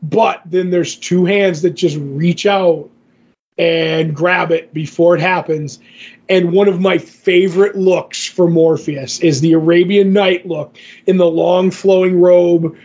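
A man's voice: sits high, a little mellow, breathy edge. A man hosting a podcast, casually retelling a comic book story with lots of fillers and quoted dialogue. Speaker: podcast host. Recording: dull lo-fi podcast audio.

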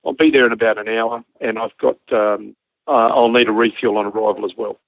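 Australian male storyteller, gravelly, dry phone-like sound; acts out radio calls and laughs through the tale. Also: on the low side, fairly even intonation, brisk, no echo. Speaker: former army helicopter pilot telling a story. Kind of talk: casual anecdote.

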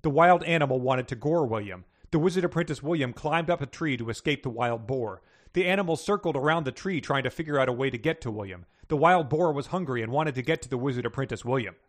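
A man's voice: medium pitch, lively intonation, fast. A man hosting a quiz, reading story passages aloud and chatting casually. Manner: plain storybook reading, chuckles. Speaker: quiz host.

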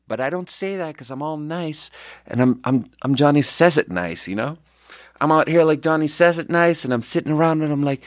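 A man hosting a podcast, telling rambling, animated anecdotes in casual chat. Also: a little high, moderate pace, no room sound, studio quality. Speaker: podcast host.

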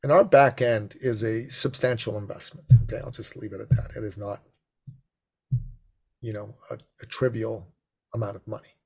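A middle-aged man telling an expressive, animated story as a podcast guest. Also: moderate pace, gravelly, breathy edge. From Persian heritage. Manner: expressive, swings to high excited pitch in quotes. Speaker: podcast guest, business coach.

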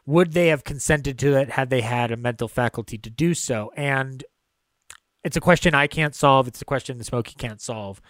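A man's voice: mid-range voice, moderate pace, fairly bright tone, dry recording. A man co-hosting a podcast, talking through a film in a casual, digressive way and swearing freely. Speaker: podcast co-host.

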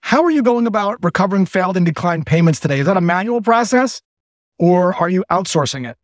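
A man quoting a calm, friendly young woman sales rep making a cold call, in a slightly lower, softer tone. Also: fast, no echo, clean studio sound. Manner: calm, friendly phone pitch.

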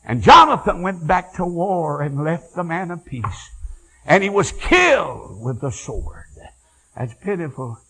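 An older man preaching a fiery revival sermon, moving from quiet storytelling to shouted praise. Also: on the high side, very animated, measured pace, gravelly, husky, poor audio. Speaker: evangelist.

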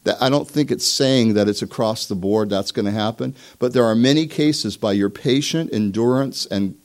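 A male pastor preaching to his congregation. He is lively and joking, and his pitch rises sharply whenever he mimics someone self-righteous. He has a mid-range voice and a conversational pace. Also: moderate pace. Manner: animated, mocking voices for examples. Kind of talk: sermon. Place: church before a live congregation.

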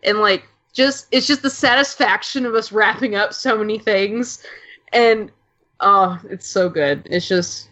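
A woman guest on a podcast, gushing and excitable, acting out scenes and saying "like" a lot. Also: mid-range voice, unhurried. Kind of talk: casual podcast chat.

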